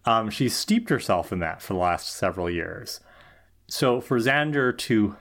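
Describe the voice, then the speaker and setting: A man co-hosting a podcast, thinking aloud in casual chat about an episode. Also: medium pitch. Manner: thoughtful, reasons things through with qualifiers. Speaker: podcast co-host.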